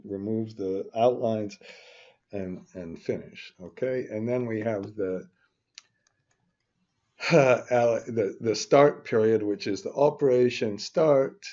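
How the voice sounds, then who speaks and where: A man's voice: lowish voice, dark tone. An older man teaching a spreadsheet finance lesson, rambling with grumbling asides and frequent restarts. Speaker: finance instructor. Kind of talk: screen-recorded spreadsheet tutorial. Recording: dull lo-fi recording.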